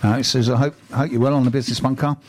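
A man's voice: medium pitch, racing. Man reading business news on radio. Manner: steady reading, dry quips. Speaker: radio co-host. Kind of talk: local business radio chat.

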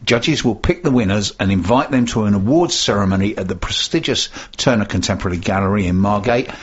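A man with a gruff, husky voice co-hosting a radio show, reading community announcements and slowly spelling out web and email addresses. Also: fairly low pitch, muffled recording. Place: radio studio. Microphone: studio microphone.

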